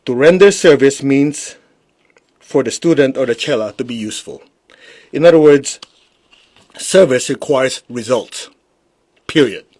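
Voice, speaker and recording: A man's voice: mid-range voice, measured pace, pauses often, darkish tone. A man giving a live-streamed spiritual teaching in a blunt, emphatic way, with pointed rhetorical questions. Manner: mocks excuses with put-on quoted voices.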